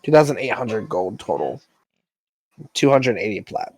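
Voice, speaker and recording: A man as dungeon master, narrating a tabletop game in an animated, amused way. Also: lowish voice, moderate pace, slight background noise.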